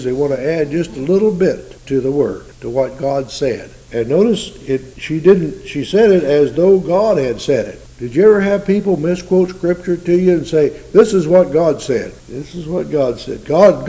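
A man's voice: a little high, mellow, rough recording. A man preaching a sermon in a folksy, conversational teaching style, asking his listeners rhetorical questions.

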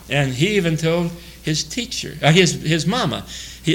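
An older man teaching through a Bible passage verse by verse, chuckling often, mixing homespun asides with slow scripture reading. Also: on the high side, lively intonation, a bit bright, rough recording.

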